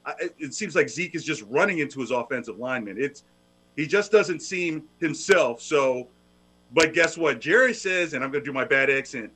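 Male co-host who cracks jokes, with a bright, fairly high voice. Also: expressive, normal speed. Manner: joking, wisecracking banter. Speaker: sports show co-host. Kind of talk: casual sports talk.

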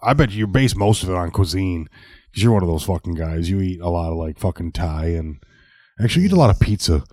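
A man's voice: low-pitched, lively intonation, fast, darkish tone, no room sound, clean studio sound. A congested man co-hosting a podcast, teasing his friends with crude jokes. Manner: teasing, swears a lot, laughs often. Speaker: podcast co-host. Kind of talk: crude casual banter.

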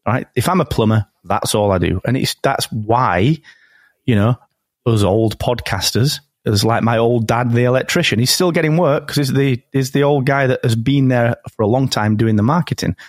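A man hosting a podcast in casual chat, energetic and fond of metaphors, often repeating words as he starts a thought. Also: mid-range voice, moderate pace, dry recording, clean studio sound. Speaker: podcast host.

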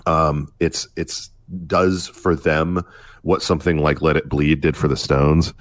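Very deep-voiced man chatting about music. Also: little pitch movement, measured pace. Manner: hesitant, many restarts and fillers. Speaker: podcast co-host. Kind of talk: casual music discussion.

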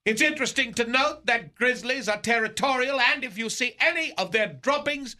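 A man's voice: extremely high pitch, normal speed, pushed and bright, full character voice. A man playing a pompous aging male movie star in a radio comedy sketch, with grandiose, theatrical, old-fashioned diction.

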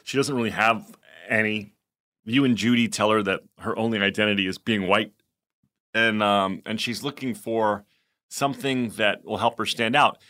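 A man co-hosting a podcast, teasing his co-host and retelling scenes in a profane, animated way. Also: lowish voice, moderate pace. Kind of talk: casual rewatch chat.

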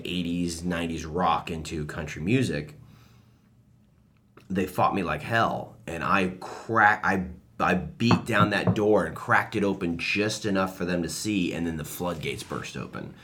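A man's voice: low voice, a bit bright, slight background noise. A man co-hosting a radio show, telling a story earnestly in casual chat.

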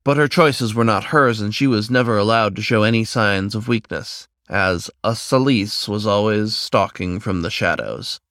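A man reading a fantasy story aloud as its narrator in a steady storyteller's manner. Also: lowish voice, moderate pace, hardly any pauses, no echo, studio quality. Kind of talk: scripted narration.

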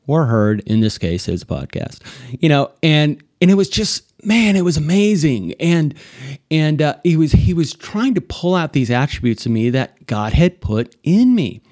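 A man's voice: on the high side, big pitch swings, moderate pace, darkish tone, dry recording, studio quality. A man hosting a podcast, telling a personal faith story in a loose, rambling way with many fillers. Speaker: podcast host. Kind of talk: casual spoken testimony.

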